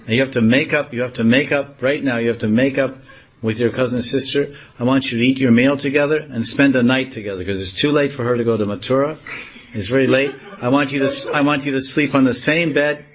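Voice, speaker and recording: A man's voice: medium pitch, fairly even intonation, a little fast, highs cut off, voice pushed up, lightly acted. A man voicing a bossy old mother-in-law who gives stern commands to her household. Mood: commanding. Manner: commanding, scolding.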